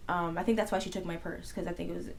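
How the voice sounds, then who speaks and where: A young adult woman co-hosting a podcast, telling a long story in casual chat, rambling and animated with constant "like" fillers. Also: lowish voice, very fast, vocal fry. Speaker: podcast co-host.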